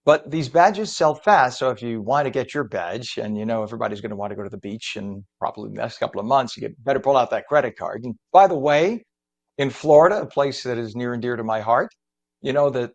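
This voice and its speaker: A male morning radio news host with a mid-range voice moving briskly through the headlines. He reads each story, then slips into opinionated, chatty commentary, sounding like a self-aware know-it-all. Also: mid-range voice.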